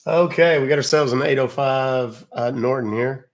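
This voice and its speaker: A man's voice: mid-range voice, moderate pace. A man from West Virginia hosting a livestream, chatting with viewers in a joking, casual way. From West Virginia, USA. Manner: joking, chatty, talks to his chat. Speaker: scam-baiting livestream host.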